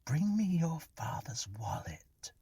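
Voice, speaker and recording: A sly, mocking young ghost woman, as a man puts her on, light and raised in pitch with a breathy, husky edge. She teases and goads in a lively sing-song, and the storybook voice sits close and dry. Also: slow, no room sound, full character voice. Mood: teasing, goading. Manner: teasing, scornful, mischievous.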